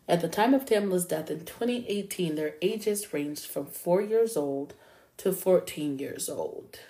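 A woman hosts a true-crime podcast in a casual, chatty storytelling voice. Her voice sits a little low and sounds mellow and warm. She talks to listeners as y'all and drops curse words freely. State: up late at 3 a.m. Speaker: podcast host.

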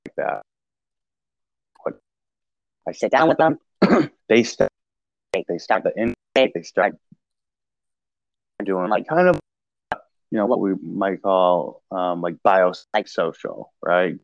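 Gravelly low-voiced man, halting storyteller. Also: animated, no echo, highs cut off. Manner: halting, many restarts and fillers. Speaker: podcast guest sharing recovery story. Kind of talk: casual conversational storytelling.

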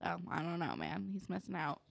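A woman's voice: fairly low pitch, wildly swooping pitch, gravelly, no room sound. A young woman from New Jersey, co-hosting a podcast and recapping a TV episode in loose, chatty talk full of "like" and "um". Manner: chatty, lots of "like" and "um", quick asides. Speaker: podcast co-host. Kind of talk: casual chat recapping a TV episode.

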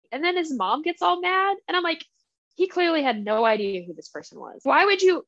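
A young woman co-hosting a podcast, excitedly retelling a book in slangy casual chat. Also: high voice, no room sound, lo-fi sound. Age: young adult. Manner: enthusiastic, giggly, slangy retelling. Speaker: podcast co-host.

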